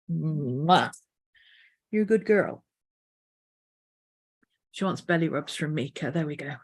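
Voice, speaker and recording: A woman artist thinking aloud as she sketches, unhurried, now and then cooing to her dog. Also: sits low, lively intonation. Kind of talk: casual art vlog narration. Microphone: desk mic.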